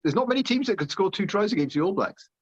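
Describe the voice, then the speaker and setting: A man's voice: sits high, expressive, quick pace, breathy edge, muffled recording. A man co-hosting a rugby podcast, teasing the host bluntly in casual banter.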